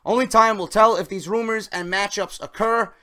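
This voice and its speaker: Higher-voiced male vlogger, casual wrestling news host who hammers key words. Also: fairly even intonation, moderate pace, pushed and bright. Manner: emphatic, stresses key words, talks straight to viewers.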